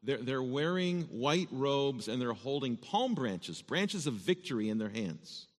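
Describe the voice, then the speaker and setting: A man's voice: mid-range voice, very animated, unhurried. Man preaching in a reverberant church. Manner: earnest, emphatic, repeats words when stressing points. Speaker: pastor. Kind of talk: sermon with scripture reading. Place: church sanctuary. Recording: long reverb of a church hall.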